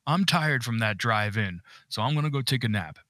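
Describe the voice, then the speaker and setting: A man playing an exasperated, excitable dad. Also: mid-range voice, brisk, dry recording. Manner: exasperated, chatty, easily excited. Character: harried middle-aged dad on vacation. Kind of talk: comedic horror audio skit.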